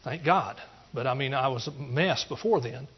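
A pastor from East Texas giving an earnest testimony sermon, rambling through restarts and rising into emphatic preaching. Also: male voice, medium pitch, moderate pace, slightly rough, dull audio.

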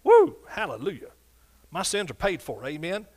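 A man's voice: high voice, wildly swooping pitch, darkish tone. An older man preaching a sermon in a church, exuberant and punctuated with hallelujahs and whoops. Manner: sings scripture in a slow drawn-out way. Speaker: pastor. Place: church sanctuary.

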